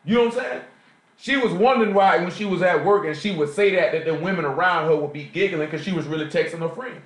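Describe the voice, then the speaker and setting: A fast-talking man with a fairly high voice delivers a slangy street-talk sermon, regularly asking the congregation questions, in a Southern US accent from Jacksonville, Florida. The recording is a live stream from an echoey church assembly room.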